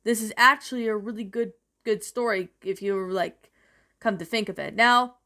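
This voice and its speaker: A woman's voice: medium pitch, fairly even intonation, normal speed, pushed and bright. A woman narrating a creepypasta and then reviewing it in a rambling, self-correcting way.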